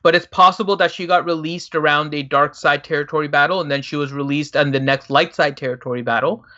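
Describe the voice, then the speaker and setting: Bright-voiced man arguing calmly. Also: fairly high pitch, fast. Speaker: livestream co-host. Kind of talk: casual chat. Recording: dull lo-fi audio.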